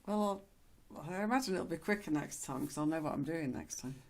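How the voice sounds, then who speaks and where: A woman chatting casually on a vlog, soft-spoken and good-humoured. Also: sits low, expressive, a little fast. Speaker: vlogger's companion. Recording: noisy home recording.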